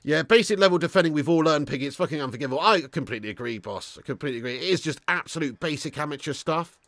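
Talking at a quick pace, a man runs a live football watch-along, swearing plenty and swinging from yelling to muttering under his breath while he reads out viewer messages. The recording is dry.

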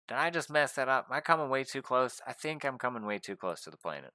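A young man giving casual gameplay commentary, gushing excitedly and talking straight to his viewers. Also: mid-range voice, quick pace, hardly any pauses, no room sound. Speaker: gaming YouTuber.

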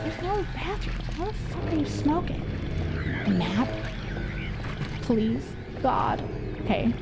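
A woman's voice: sits high, big pitch swings, slow pace, over loud music. A woman streamer casually chatting through a horror game, talking to her viewers and swearing freely. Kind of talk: casual live gameplay commentary with swearing.

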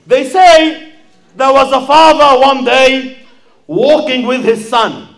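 A man's voice: extremely high pitch, slow, pauses often, a bit bright. A man giving an impassioned fundraising sermon, calling out to the audience and acting out a story. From Sydney. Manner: impassioned, calls out to the crowd and acts out a story. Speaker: fundraising preacher.

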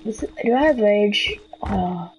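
Woman streamer, unhurried and playful, joking with players over game music. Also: medium pitch, expressive, a little mellow, poor audio. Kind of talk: live gameplay commentary.

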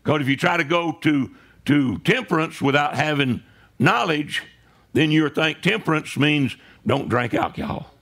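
A male pastor preaches a sermon in a church sanctuary, keeping it conversational and frequently checking in with listeners through "right?" asides. His voice is a little high and fairly bright, with a measured pace.

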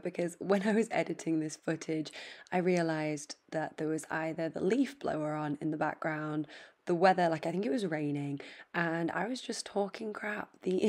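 A woman's voice: low voice, darkish tone. A young woman vlogging casually while sick with a bad cold, chatty and self-deprecating, with a slight lisp. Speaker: equestrian vlogger. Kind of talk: casual vlog chat.

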